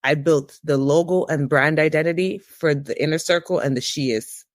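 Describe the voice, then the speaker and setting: A woman's voice: low-pitched, normal speed, no echo, studio quality. Woman sharing a heartfelt testimony. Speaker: guest. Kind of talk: candid personal testimony.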